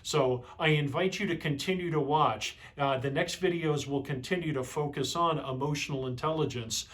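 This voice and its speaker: Middle-aged male trainer, slightly higher voice, calm and instructive, asks rhetorical questions. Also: moderate pace. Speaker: leadership trainer. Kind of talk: instructional talk to camera.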